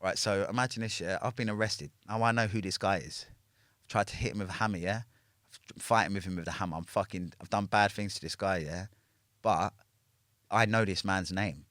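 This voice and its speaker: A man's voice: low voice, a little fast, a bit bright, no room sound, clean studio sound. A man with a London accent, telling a story as a podcast guest in casual, profane chat, checking in with "yeah?" after each point. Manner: swears freely, ends lines with a questioning "yeah?".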